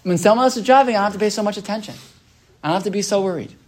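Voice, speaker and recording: A man's voice: high-pitched, rapid-fire, a little mellow. A man teaching a casual Torah class, chatty and conversational, often tagging "right?" onto his points and acting out the people in his stories. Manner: chatty, keeps asking "right?"; acts out quoted voices in his retelling.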